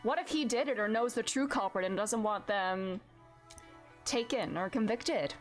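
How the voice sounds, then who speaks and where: A woman's voice: medium pitch, moderate pace, faint music behind. A young woman streamer chatting casually while playing, with plenty of filler words. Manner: chatty, lots of "like". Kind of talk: casual gaming commentary.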